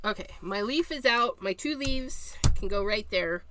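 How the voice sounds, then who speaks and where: A woman's voice: medium pitch, animated, a little slow, noisy background. A woman hosting a live card-making tutorial, chatting and joking to herself as she works. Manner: chatty, jokey, talks to herself while working.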